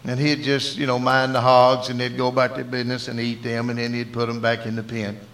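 A man's voice: medium pitch, monotone, fairly quick, fairly bright tone. A man with a Southern US accent preaching a sermon in a folksy storytelling way. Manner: folksy storytelling, acting out dialogue.

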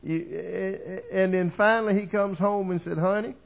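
A man's voice: sits high, steady tone, a little slow, gravelly. Fervent storytelling male preacher. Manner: dramatic storytelling, building to fervent appeals. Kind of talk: sermon.

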